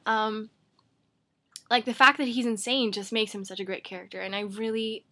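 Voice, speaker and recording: A woman's voice: on the high side, fairly even intonation, moderate pace, sharp tone. Rambling, chatty woman book vlogger. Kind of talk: casual chat to camera. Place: her bedroom.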